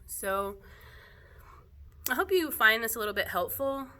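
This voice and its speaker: A woman yoga teacher speaking casually to her students in a gentle, reflective way, laughing softly now and then. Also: on the high side, expressive, measured pace. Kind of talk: casual spoken talk to students.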